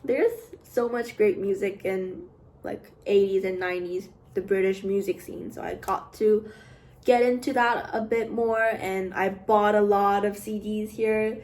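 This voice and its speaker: A young woman, an art student, chatting casually on her vlog in a rambling way, full of fillers and with the odd soft aside. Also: medium pitch, fairly even intonation, unhurried. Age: young adult. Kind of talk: casual chat.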